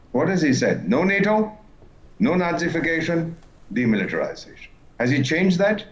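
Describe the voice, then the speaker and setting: Scornful older man on a dull remote line. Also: medium pitch. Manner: animated, scornful, mocking impressions. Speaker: former ambassador, panel guest. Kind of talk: news panel commentary over remote link.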